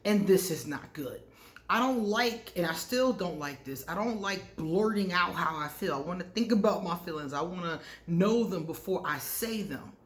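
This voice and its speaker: A woman's voice: lowish voice, lively intonation, normal speed. Woman telling candid stories in an echoey room. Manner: candid, personal, laughs often at own stories. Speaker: astrology channel host. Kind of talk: casual storytelling to camera.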